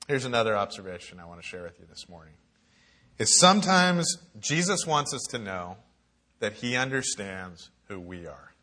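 A man's voice: on the low side, sing-song, normal speed, pushed and bright. A young adult man giving a conversational, earnest sermon as a campus minister, reading scripture aloud and reflecting on it.

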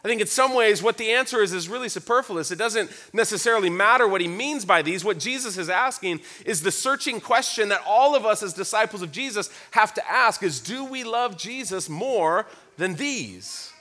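High-voiced, bright earnest preacher man. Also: lively intonation, normal speed, hardly any pauses. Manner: earnest, reflective, repeats words. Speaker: pastor. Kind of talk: sermon.

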